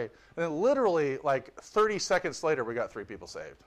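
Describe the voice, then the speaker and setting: A man's voice: a little high, sing-song, fast talker, few pauses. A man preaching a sermon with fervor, reading scripture and adding joking asides. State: tired. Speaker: visiting pastor.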